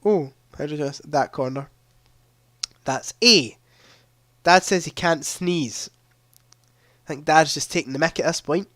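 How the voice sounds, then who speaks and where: A man's voice: fairly high pitch, measured pace, pauses often, fairly bright tone, no room sound, studio quality. A young man hosting a live-streamed quiz, chatting casually into a headset mic and reading questions aloud with a ready laugh. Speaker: livestream quiz host.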